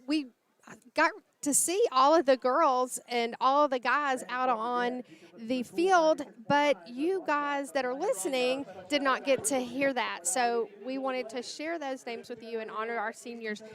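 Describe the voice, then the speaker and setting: A woman's voice: high voice, measured pace, a bit bright. A woman, announcing for a livestream sports broadcast and reading out lists of names in a chatty way.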